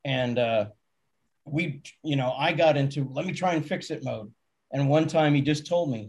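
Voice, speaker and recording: A man's voice: on the high side, normal speed, darkish tone. Chuckling man telling road stories. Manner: laughing anecdotes, acts out quotes. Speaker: touring stagehand. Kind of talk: casual storytelling chat.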